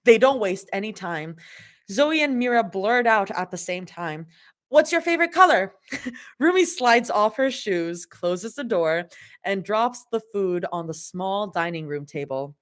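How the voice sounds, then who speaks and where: A woman's voice: medium pitch, lively intonation, a little slow. A woman doing a casual live reading of fanfiction, dropping in her own laughing asides. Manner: casual, laughs and swears between passages. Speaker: fanfiction reader.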